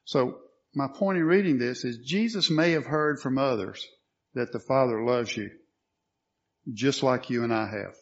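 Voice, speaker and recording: A male preacher delivers a sermon at a middle pitch, often throwing a question to the congregation and answering it himself. His delivery is emphatic and earnest. The recording sounds slightly dull and lo-fi. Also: a little slow.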